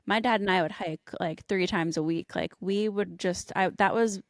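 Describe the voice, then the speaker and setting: A woman's voice: mid-range voice, normal speed, vocal fry, no echo, clean studio sound. A young adult woman co-hosting a fitness podcast, chatty with lots of fillers. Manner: chatty, many likes, laughs easily. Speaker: podcast co-host. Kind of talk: casual podcast chat.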